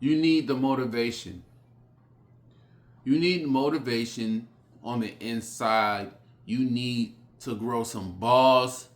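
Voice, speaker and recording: A man giving a blunt motivational speech, repeating short phrases with sudden forceful rises. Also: mid-range voice. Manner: blunt, repetitive, hammering phrases; slow, emphatic delivery with sudden loud rises. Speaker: motivational speaker.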